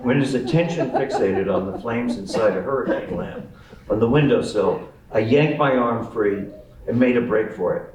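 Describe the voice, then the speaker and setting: A man's voice: medium pitch, normal speed, crowd noise. A man reading his memoir aloud at a live event, with wry, amused storytelling. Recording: roomy sound from a distant mic.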